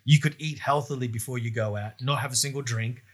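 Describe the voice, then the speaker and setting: A man's voice: medium pitch, fast, fairly bright tone. A man co-hosting a casual chat as a stand-up comedian, rambling, laughing often and swearing casually. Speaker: podcast co-host, stand-up comedian.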